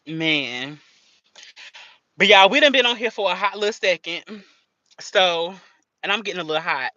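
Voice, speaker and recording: Lively, bright-voiced woman livestreamer. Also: fairly low pitch, a little slow, long pauses. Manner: animated, playful, slangy, laughing often. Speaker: livestream host. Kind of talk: casual livestream chat. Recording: dull lo-fi stream audio.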